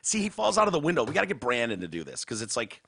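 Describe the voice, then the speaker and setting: A man's voice: mid-range voice, huge pitch swings, rapid-fire, bright, forceful tone, breathy edge. Blunt, profane Midwestern man hosting. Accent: Midwestern American. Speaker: podcast host. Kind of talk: casual talk-show banter.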